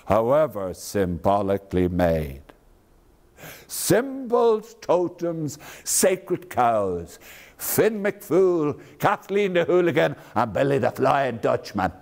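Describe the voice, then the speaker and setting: A man's voice: mid-range voice, huge pitch swings, slow, darkish tone, exaggerated voice. An actor with an Irish accent playing an aging, proud statesman in a theatrical one-man stage monologue, wry and grand, savoring each phrase.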